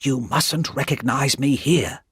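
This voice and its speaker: A woman voicing a frightened male spy who speaks in a low, hushed voice in a read-aloud story. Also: slow pace, slightly rough, full character voice.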